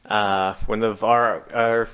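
A man's voice: on the low side, little pitch movement, slow, fairly bright tone, clean tone, lo-fi sound. A man co-hosting a podcast in casual chat, wisecracking and steering the topics along. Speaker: podcast co-host.

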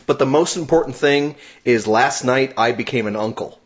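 A man, co-hosting a podcast with deadpan jokes in casual banter. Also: mid-range voice, normal speed, dull audio. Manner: deadpan joking. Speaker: podcast co-host.

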